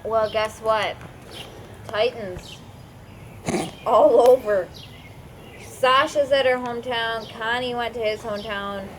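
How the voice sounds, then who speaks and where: A woman's voice: fairly high pitch, takes it slowly, long pauses, a little hiss or hum. A young woman, tipsy, retelling a story in a chatty, playful way and acting out the characters' lines. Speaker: co-host retelling an anime plot.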